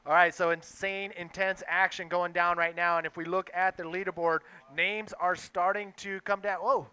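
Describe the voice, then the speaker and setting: A young man calling a live sports event, excitable and quick to react to the action. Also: sits high, clear, resonant tone. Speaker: play-by-play commentator.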